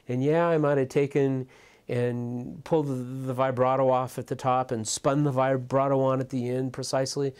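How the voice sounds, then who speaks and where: A man's voice: mid-range voice, a little mellow. A middle-aged man talking reflectively in an interview as a music mixer, thinking aloud with frequent restarts and repeated words.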